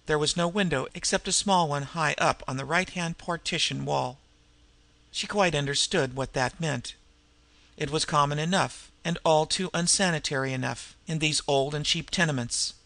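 A man narrating a story as an audiobook, in a steady, measured reading. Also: fairly high pitch, vocal fry, no room sound.

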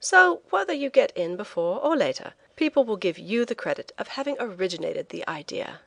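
A woman's voice: mid-range voice, sing-song, fairly quick, creaky, a bit bright, dry recording, heavily acted. A woman reading the lines of a kind, sympathetic young male ship purser who reassures a traveler. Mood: kindly.

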